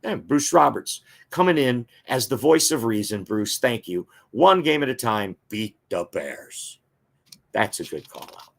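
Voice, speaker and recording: A man's voice: medium pitch, big pitch swings, moderate pace, creaky, hardly any pauses. A man hosting a football talk show, giving fan opinions and reading viewer comments in a casual, chatty way with frequent filler words.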